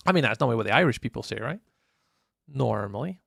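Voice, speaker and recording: A man's voice: medium pitch, animated, fast talker, creaky, long pauses, a bit bright, husky, no room sound. A Scottish man chatting casually through a live gameplay stream, greeting viewers by name as he talks. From Scotland. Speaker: livestreamer.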